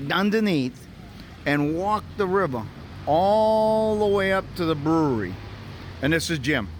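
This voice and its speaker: A man chatting casually as he walks a city tour for his travel vlog, thinking aloud. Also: fairly high pitch. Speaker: travel vlogger. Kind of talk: casual walking tour narration. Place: city streets outdoors. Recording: outdoor street noise.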